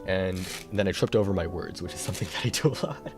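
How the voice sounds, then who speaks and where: Deep-voiced tired male streamer. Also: fast talker, over music. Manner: rambling, self-deprecating, laughs often. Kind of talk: casual live-stream chat.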